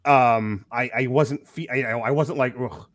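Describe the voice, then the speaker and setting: A man's voice: medium pitch, measured pace, no echo. Frank, swearing man in a dry podcast chat. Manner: frank, swears freely, restarts sentences. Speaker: podcast co-host film reviewer. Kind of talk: casual film review chat.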